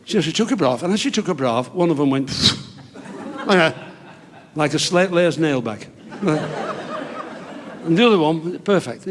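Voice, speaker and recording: A man's voice: a little high, animated, normal speed, pauses often, a little hiss or hum. A man telling old-school stand-up jokes in a chatty way, chuckling as he goes. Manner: chatty, chuckles between lines, broad punchlines. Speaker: stand-up comedian. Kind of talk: club stand-up joke telling.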